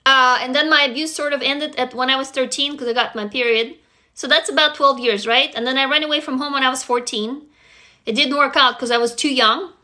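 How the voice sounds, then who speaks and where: A woman's voice: high-pitched, pushed and bright. A woman hosting a motivational livestream, talking bluntly and emphatically to her viewers, swearing freely and urging them to commit. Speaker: livestream host.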